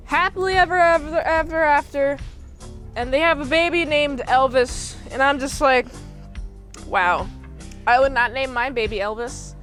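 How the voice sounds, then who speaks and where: A woman's voice: sits high, fairly bright tone. A young woman casually recapping a movie, rambling with lots of fillers and popping into goofy impressions of the characters. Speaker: movie reviewer.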